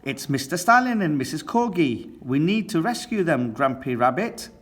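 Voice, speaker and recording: A man's voice: on the high side, sing-song, normal speed, fairly bright tone, pitched above the performer's own voice. Man voicing an eager little piglet girl.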